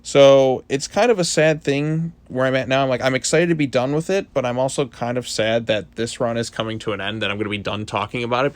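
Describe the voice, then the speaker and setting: A man talks through a comic book issue in a loose, casual review. His voice sits at a medium pitch, and his talk rambles with plenty of fillers and restarts.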